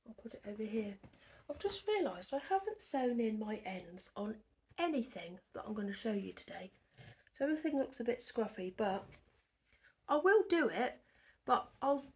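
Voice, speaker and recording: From her living room, a knitting podcast host chats through a rambling show-and-tell in a slightly high voice with a darkish tone. She frequently drops to a near whisper.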